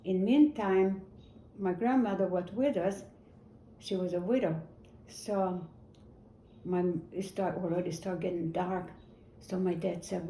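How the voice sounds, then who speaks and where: A woman's voice: lowish voice, steady tone, dark tone. Elderly woman recounting a wartime memory. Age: 80s. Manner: halting, repeats words and restarts sentences. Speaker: interviewee. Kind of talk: personal war memory storytelling. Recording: roomy echo, faint ambient noise.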